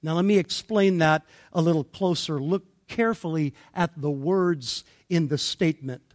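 A man preaching an expository sermon, deliberate and emphatic, pausing between phrases. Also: on the high side, a little mellow. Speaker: pastor.

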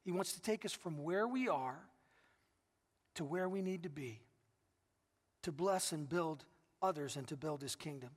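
Preaching in a large hall that adds long reverb, a middle-aged pastor tells stories earnestly and keeps restarting his sentences. His voice, on the high side and slightly rough, moves a little slowly with frequent pauses.

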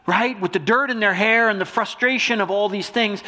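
A male pastor preaching a sermon with a stuffy nose, swinging between loud emphasis and soft hushed lines. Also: high-pitched, normal speed, few pauses.

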